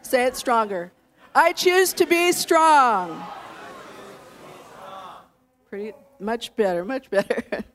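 A woman in her late fifties preaching a sermon in a conversational way, leading her congregation and telling stories with self-deprecating asides. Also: fairly high pitch. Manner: warm conversational preaching, leads the congregation in declarations. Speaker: pastor's wife preaching.

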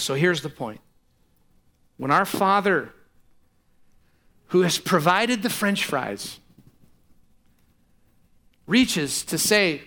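Bright-voiced pastor preaching with passion. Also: male voice, fairly high pitch, lively intonation, slow pace, creaky, long pauses. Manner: impassioned, rising to near-shouts in prayerful passages; conversational asides with humor. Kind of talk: sermon.

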